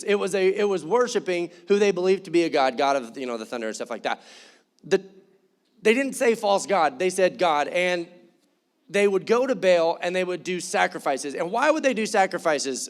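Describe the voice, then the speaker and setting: Man, pastor, high voice, chatty joking sermon, acts out voices. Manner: conversational, joking asides, acts out quoted voices. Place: church.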